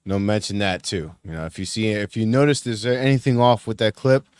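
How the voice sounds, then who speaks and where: A man co-hosting a podcast and running a guessing game, halting with fillers and laughing often. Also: fairly low pitch, steady tone, a little mellow, smooth, no room sound, studio quality. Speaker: podcast co-host running a quiz. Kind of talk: casual chat.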